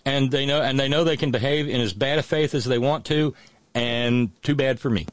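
Halting, consoling middle-aged man host. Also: mid-range voice, no echo. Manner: halting, many restarts, calm and consoling. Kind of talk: emotional live show talk.

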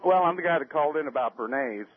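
A man's voice: on the high side, animated, fast. A man calling in to a radio show, making his point in a matter-of-fact way. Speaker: caller. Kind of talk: phone-in chat. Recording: dull lo-fi radio line.

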